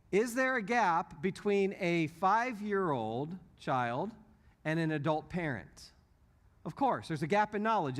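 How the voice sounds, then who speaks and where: Animated man giving a church teaching talk. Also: fairly high pitch. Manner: animated storytelling, acts out quotes. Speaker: apologetics speaker.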